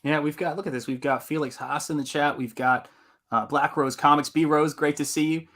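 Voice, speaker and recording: A man's voice: a little high, steady tone, fairly quick, fairly bright tone. A man from the American South hosting a live stream, chatting casually and laughing often. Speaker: host of a live painting stream. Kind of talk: casual chat while reading stream chat.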